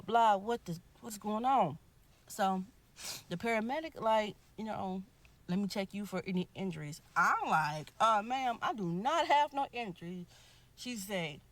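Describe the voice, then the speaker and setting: A woman telling, in her own words, how she witnessed a shooting, acting out the people in her story as she goes. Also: mid-range voice. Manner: animated retelling, voicing people in her story. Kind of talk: emotional storytelling.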